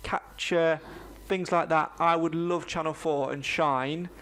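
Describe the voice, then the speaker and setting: A man's voice: a little high, fairly even intonation, takes it slowly, fairly bright tone. Chatty podcast host, man. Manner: chatty, jokey, upbeat sign-offs. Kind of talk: casual podcast chat.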